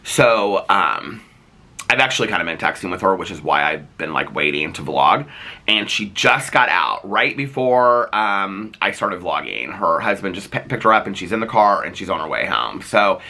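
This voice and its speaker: Male daily vlogger, deep voice with a sharp, bright edge, loose rambling chat. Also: animated, moderate pace. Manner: rambling, chatty, frequent fillers and restarts. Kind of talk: casual chat to camera.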